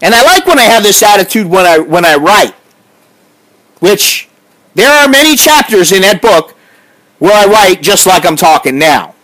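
A man's voice: high-pitched, sing-song, moderate pace, fairly bright tone, rough recording. A middle-aged man from the United States, ranting in a profane, combative vlog monologue. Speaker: vlogger.

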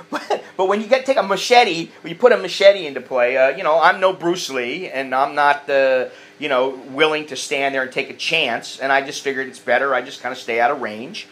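A man's voice: a little high, normal speed, a bit bright. A man telling stories in a casual, blunt rant, swearing freely and restarting his sentences often. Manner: blunt and profane, with frequent restarts. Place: living abroad in Southeast Asia.

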